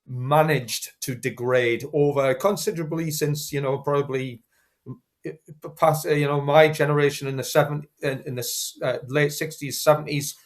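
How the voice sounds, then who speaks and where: A man's voice: a little high, steady tone, normal speed. An older man on a talk show, explaining his views earnestly with many hesitations and restarts. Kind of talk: casual talk show chat.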